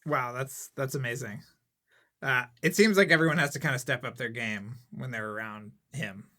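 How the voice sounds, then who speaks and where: A man hosting a podcast who asks his guest questions in a relaxed, conversational way. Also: medium pitch, normal speed. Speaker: podcast host. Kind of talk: casual interview.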